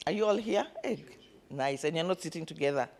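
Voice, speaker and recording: A woman's voice: low voice, fairly quick. A woman, coaching a summit session in a conference room and getting the audience to repeat words after her. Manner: animated, calls on the audience to repeat words, counts attendees. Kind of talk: lively live event hosting.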